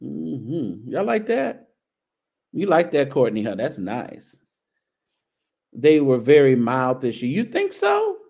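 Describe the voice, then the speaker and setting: A man's voice: mid-range voice, huge pitch swings, slow pace, gravelly, pauses often, darkish tone. A male show host giving casual, teasing commentary on outfits, sprinkling in churchy phrases. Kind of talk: casual fashion commentary on a video.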